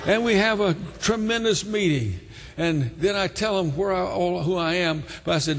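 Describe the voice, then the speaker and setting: A man's voice: high voice, normal speed, big-room sound. A man preaching a testimony sermon, telling his story fervently and breaking in with hallelujahs. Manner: fervent, exclaims hallelujah between lines.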